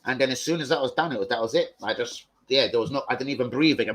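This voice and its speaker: A young man hosting a casual live stream, full of slang, swearing and excited banter. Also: mid-range voice, rapid-fire. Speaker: livestream host.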